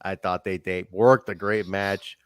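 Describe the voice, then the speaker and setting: A man co-hosting a casual podcast that reviews wrestling shows. He talks in an animated way, swears freely and acts out quotes. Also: low voice, measured pace, smooth, no room sound, studio quality. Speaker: podcast co-host.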